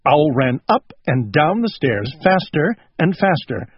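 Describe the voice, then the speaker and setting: Slow, breathy male storyteller. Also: fairly high pitch, sing-song, dry recording. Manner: slow and gentle. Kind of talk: storybook read-aloud. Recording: dull lo-fi recording.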